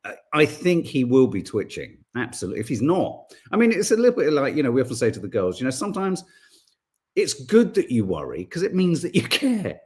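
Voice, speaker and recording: A man, hosting a podcast in casual chat and reading out viewer comments in a rambling, animated way. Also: medium pitch, brisk. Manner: rambling, animated, full of restarts and asides. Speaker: podcast host.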